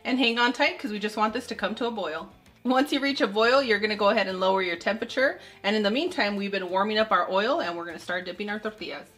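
A woman's voice: medium pitch, fast, fairly bright tone, soft background music. A woman hosting a cooking channel, giving upbeat, chatty step-by-step recipe narration.

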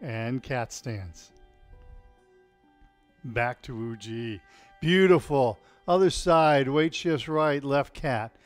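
A man teaching a live-streamed tai chi class at home, calmly calling out movements and telling deadpan puns to an audience he can't hear. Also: medium pitch, slow pace, pauses often, soft background music. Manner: calm cueing of movements mixed with deadpan puns.

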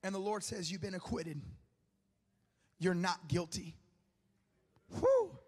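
Preaching as pastor in a large church auditorium, a man tells personal stories with humor, joking with the congregation as a lively storyteller. His voice is high, slightly rough, and a little slow, carried by the long reverb of the big hall.

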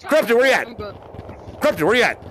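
High, bright-voiced excitable male streamer. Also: fairly quick, a little hiss or hum. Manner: excitable, calls out names, laughs often. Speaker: gaming streamer and host. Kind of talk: live-streamed VR game chat.

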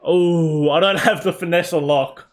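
Young male gaming YouTuber, slightly high voice, excitable play-by-play with swearing. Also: a little slow. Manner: excitable, swears, shouts at his team. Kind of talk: live gameplay commentary.

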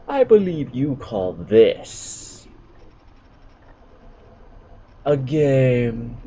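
A man's voice: on the low side, mellow, slight background noise, poor audio. Man putting on a stately mysterious game-maker voice. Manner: slow, stately, vague put-on accent.

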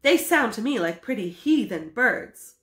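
A woman's voice: fairly high pitch, very animated, a little slow, fairly bright tone. A fussy scolding housewife, as a woman reads her. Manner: scolding, exclamatory. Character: fussy practical housewife, middle-aged. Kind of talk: storybook read-aloud. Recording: echoey room.

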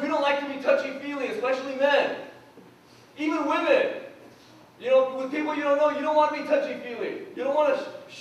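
A man preaching a conversational sermon as pastor, asking the congregation questions and telling funny personal stories. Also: very high voice. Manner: humorous personal anecdotes. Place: church sanctuary. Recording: echoey church hall from far off.

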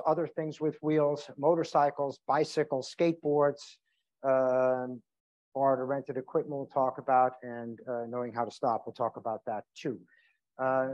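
A middle-pitched man talks through a health seminar, loose and conversational, stopping for fillers and going back to restart phrases. The recording sounds a little dull and lo-fi. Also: a little mellow. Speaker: emergency physician giving a seminar. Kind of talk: informal health talk. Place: seminar room.

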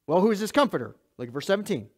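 In his sermon, a male pastor addresses his congregation directly, repeating points emphatically and shifting between booming and hushed lines. He is high-pitched, very animated, and rapid-fire, and he laughs at himself.

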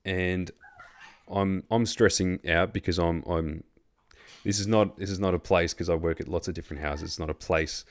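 A man's voice: low voice, fairly even intonation, moderate pace. An Australian man hosting a casual chat, telling a long story in a rambling way with lots of fillers, restarts and swearing. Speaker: host.

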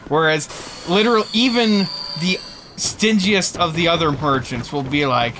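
A man's voice: a little high, measured pace, sharp tone, a little hiss or hum. A young man chatting in an amused, rambling way as co-host of a game stream. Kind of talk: casual gameplay commentary.

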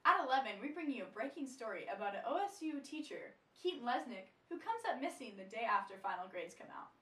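A woman's voice: fairly high pitch, very animated, quick pace, a bit bright. A young woman playing an upbeat female news anchor with a mock-serious newsreader delivery in a comedy skit. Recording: roomy echo from a distance.

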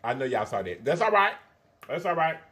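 A man's voice: medium pitch, big pitch swings, a little fast, fairly bright tone. A man hosting a mukbang vlog, chatting casually to viewers while eating, calling them y'all and honey, with frequent mm sounds between bites. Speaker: mukbang vlogger.

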